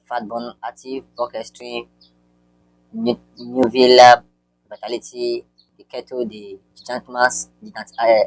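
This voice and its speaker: Walking through an on-screen marketing tutorial, a man at medium pitch speaks in a halting way full of fillers and repeated words. The low-quality recording carries no room sound.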